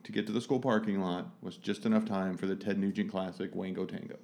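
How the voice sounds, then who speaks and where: A man's voice: low-pitched, little pitch movement, quick pace, darkish tone. A man co-hosting a podcast, telling a story in casual chat and teasing his co-host.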